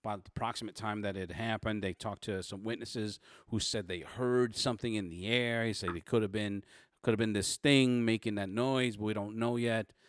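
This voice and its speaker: A man narrating as game master of a tabletop role-playing game, halting with many fillers and restarts. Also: on the low side, steady tone, no room sound, clean studio sound.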